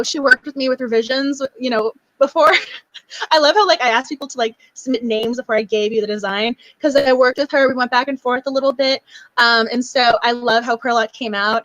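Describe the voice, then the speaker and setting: Bubbly, teary-eyed woman hosting a book club stream, bright high voice, dry close sound. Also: no room sound, highs cut off. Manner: bubbly, gushing, laughs often. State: emotional, near tears. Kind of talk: casual live stream chat.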